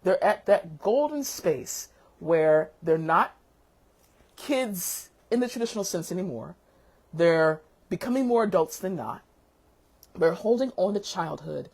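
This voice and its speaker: A woman teacher hosting a casual chat vlog, an animated storyteller who calls people baby and sweetheart. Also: on the low side, breathy edge. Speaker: teacher and show host.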